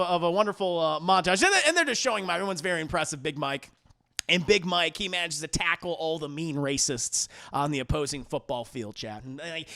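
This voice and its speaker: A young man rambles through a movie review for his live chat, swearing and piling up fillers. His voice sits high, with a gravelly rasp and a bright, sharp tone. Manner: rambling and profane, full of fillers.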